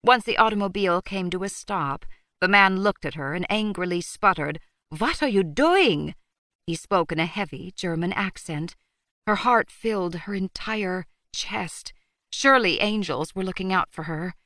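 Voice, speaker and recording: A woman reading a novel aloud as audiobook narrator, in a steady, measured storytelling manner. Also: fairly low pitch, no echo. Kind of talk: scripted narration.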